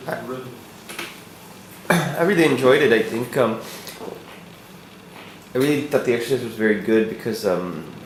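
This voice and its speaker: A man's voice: medium pitch, moderate pace, pauses often. A man acting student giving classmate feedback, hesitant and searching for words. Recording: roomy echo, faint noise.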